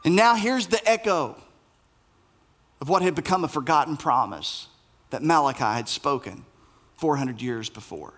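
A man preaching a sermon as pastor, animated and playful, acting out the voices in the story. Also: on the high side.

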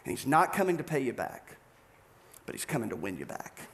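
A man voicing a stern old prophet, speaking low and grave with earnest urgency. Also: huge pitch swings, brisk, a bit bright.

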